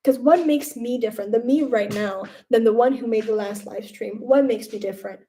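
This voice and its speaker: Mellow-voiced young woman chatting on a live stream. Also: on the high side, brisk. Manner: rambling, animated when quoting others. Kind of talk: casual live-stream chat.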